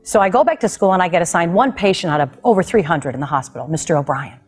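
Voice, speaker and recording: A woman talk host from the United States tells a heartfelt personal story to a guest, speaking fast in a lowish, slightly rough voice. Her storytelling is animated and emotional, mixed with laughter, and soft music plays in the background.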